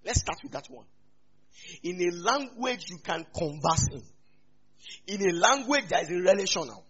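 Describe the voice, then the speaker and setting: Nigerian male pastor, husky and a bit high, humorous sermon, lo-fi sound. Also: moderate pace. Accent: Nigerian, Yoruba-speaking. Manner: humorous, mixing in Yoruba asides, lively swings in loudness.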